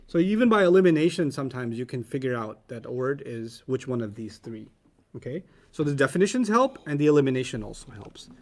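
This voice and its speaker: Teaching young students Arabic grammar, a man speaks fairly quickly in a mid-range voice. He explains in an animated, casual way, teasing and playing with them.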